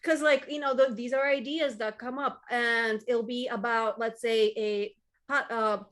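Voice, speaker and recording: A woman with a slightly high voice talks in a relaxed group conversation. She rambles, restarts her sentences and drops casual swears along the way. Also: a little slow.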